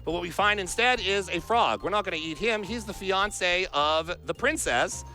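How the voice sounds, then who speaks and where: A man's voice: high-pitched, moderate pace, bright, forceful tone, faint music behind. A man giving chatty, playful commentary while speedrunning a game at a charity marathon. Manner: chatty, playful, self-deprecating. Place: marathon event stage.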